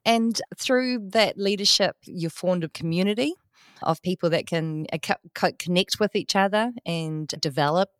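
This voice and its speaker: A woman's voice: on the low side, moderate pace, clean tone, dry recording, clean studio sound. A woman hosting an interview, asking friendly questions and laughing often. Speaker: podcast host.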